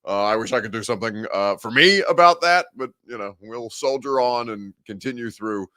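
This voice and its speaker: A man's voice: mid-range voice, moderate pace, sharp tone, no echo. A man hosting a live sports talk show from a studio, chatting casually and answering viewer comments with wry humor.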